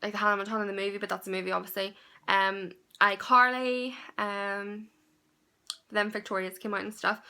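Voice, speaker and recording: A woman's voice: mid-range voice, flat delivery, normal speed, vocal fry, bright, forceful tone, clear, resonant tone. A young woman with a Northern Irish accent, chatting through a casual Q&A vlog, rambling and laughing between lots of ums. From Northern Ireland. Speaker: vlogger.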